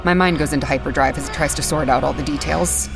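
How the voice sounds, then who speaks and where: A woman's voice: low-pitched, steady tone, quick pace, vocal fry. Dramatic young woman narrating her own story. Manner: dramatic, swings between rage and quiet despair. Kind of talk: first-person scripted narration. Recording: faint music bed.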